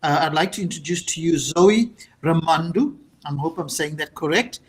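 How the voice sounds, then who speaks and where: A man emcees a public event, his delivery earnest and halting. His voice sits a little high for a man. The sound carries the reverb of a large, roomy space. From South Africa. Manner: earnest, halting, with many fillers. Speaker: master of ceremonies.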